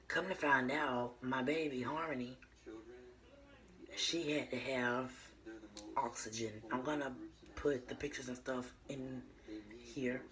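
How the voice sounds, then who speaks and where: Young woman vlogger, warm chatty storytime delivery with lots of ums and restarts. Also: extremely low pitch, fairly even intonation, slow, long pauses, low-quality recording. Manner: chatty and meandering, with many fillers and restarts; addresses viewers as y'all. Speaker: vlogger telling her birth story. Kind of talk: casual storytime.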